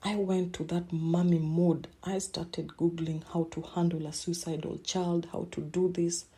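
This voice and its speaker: A middle-aged woman with a low, mellow and slightly husky voice tells a personal story as a podcast host. Her delivery is halting and emotional, and she often repeats words mid-sentence. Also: level tone.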